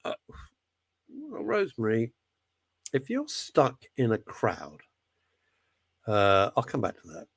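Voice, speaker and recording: Animated man, gravelly radio host. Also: fairly low pitch, slow, long pauses, no room sound. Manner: rambling, jokey, animated. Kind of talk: talk radio monologue. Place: radio studio.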